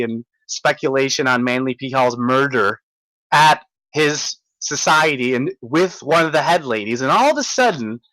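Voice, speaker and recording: A man telling a rambling, excitable story in a casual vlog, stumbling over restarts and fillers as he marvels at things. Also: mid-range voice, dry recording, rough recording. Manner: halting, many restarts and fillers. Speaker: vlogger recounting a visit.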